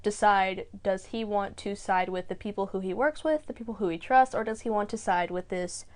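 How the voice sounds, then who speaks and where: A woman's voice: medium pitch, moderate pace. A woman guest co-hosting a podcast, chatting casually and expressively, laughing often. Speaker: guest co-host. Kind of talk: casual recap chat.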